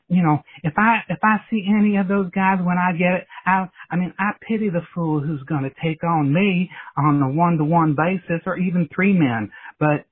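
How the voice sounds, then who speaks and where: A man calling in with a comedic impression of a brawny, tough-talking 1980s celebrity who wears gold chains, in a boastful, aggrieved, rambling manner. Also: high voice. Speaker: caller. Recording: tinny phone line.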